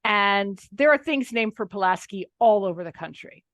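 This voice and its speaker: A middle-aged woman from Pennsylvania, a nonfiction author, telling anecdotes in a lively, wry way. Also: medium pitch, normal speed, no room sound. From Pennsylvania, USA. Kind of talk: casual interview storytelling.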